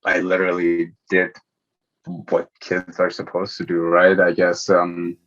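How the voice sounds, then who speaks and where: A young man from Iran, a podcast guest, telling stories from his life in a relaxed way and laughing often. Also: low voice, a little slow, highs cut off. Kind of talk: casual interview chat.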